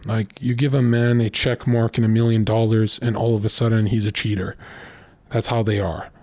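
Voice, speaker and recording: A man's voice: fairly low pitch, level tone, normal speed, darkish tone, no room sound. A young man telling crude stories in a blunt, boastful casual monologue as a streamer.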